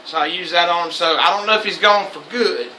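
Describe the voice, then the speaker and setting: A man's voice: high-pitched, brisk, pushed and bright, a little hiss or hum. A young man hosting a casual chat show, loose and profane and laughing often. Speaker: host. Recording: echoey room.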